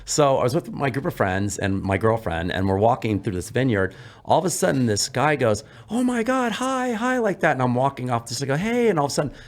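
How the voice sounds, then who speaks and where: A man co-hosting a podcast, chatting casually and telling stories in an animated way. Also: medium pitch. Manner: fast, animated storyteller. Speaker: podcast co-host. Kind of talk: casual chat.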